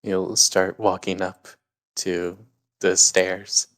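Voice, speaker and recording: A man's voice: sits low, flat delivery, extremely slow, fairly bright tone. A man playing a tabletop game, describing his character's actions casually. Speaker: player.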